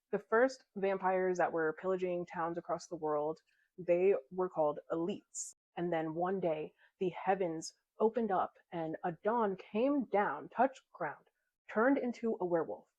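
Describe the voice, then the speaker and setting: A woman's voice: fairly low pitch, expressive, unhurried, darkish tone, dull audio. A woman casually recapping a novel in a chatty, giggly way, slipping into the characters' lines as she retells the plot. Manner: chatty retelling, slips into quoted dialogue. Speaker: book club vlogger.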